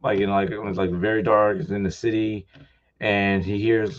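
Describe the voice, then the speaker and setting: A man, an author at a live festival talk, retelling his book in a rambling, excitable way full of "like.". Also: lowish voice, moderate pace, highs cut off. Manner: rambling, loaded with "like"; excitable, thanks the crowd warmly.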